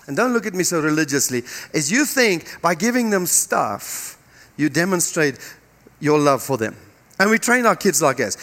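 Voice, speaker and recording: A man in his late fifties, whose first language is Dutch, preaches a sermon in a high, bright voice. He repeats his key phrases for emphasis and teases his listeners. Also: very animated, normal speed. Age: 50s. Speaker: pastor.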